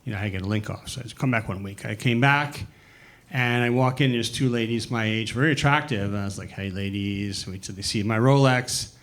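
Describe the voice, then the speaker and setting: A man in his sixties doing stand-up at an open mic, halting and full of fillers, laughing at his own jokes. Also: mid-range voice, fairly bright tone. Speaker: stand-up comic.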